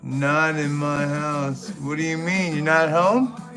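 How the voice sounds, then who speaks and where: A man's voice: a little high, fairly even intonation, slow pace. A man hosting a live stream, chatting with viewers in a crude, goofy and chaotic way. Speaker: livestream host. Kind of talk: rambling live-stream chat. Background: music.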